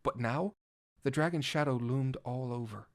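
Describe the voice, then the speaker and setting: In a first-person fan audio drama reading, a male narrator with a medium-pitched voice speaks at a normal speed with light acting. He plays a vain, gallant cat-knight bard whose flowery, old-fashioned speech swings theatrically from pompous to flustered. The mood is wry.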